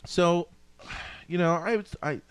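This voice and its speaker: A man co-hosting a podcast, chatting casually in animated, self-mocking rants with plenty of swearing. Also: high-pitched, slow, clear, resonant tone, dry recording. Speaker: podcast co-host. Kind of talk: casual chat.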